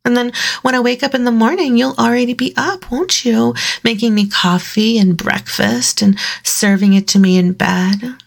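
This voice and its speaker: A woman in an intimate audio role-play, speaking in a teasing, dominant way, dropping into whispers and giggling softly between phrases. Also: fairly high pitch, moderate pace, vocal fry, few pauses.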